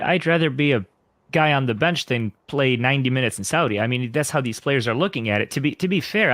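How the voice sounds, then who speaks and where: A man's voice: mid-range voice, fairly bright tone, no room sound, clean studio sound. A man co-hosting a podcast who speaks up emphatically, with strong opinions, in a casual football chat. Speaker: podcast co-host.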